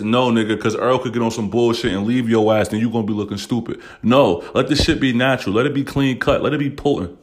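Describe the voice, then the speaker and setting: A man's voice: medium pitch, quick pace, hardly any pauses. A man hosting a casual podcast, talking bluntly and emotionally, swearing a lot and often saying "you know what I'm saying". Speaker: podcast host.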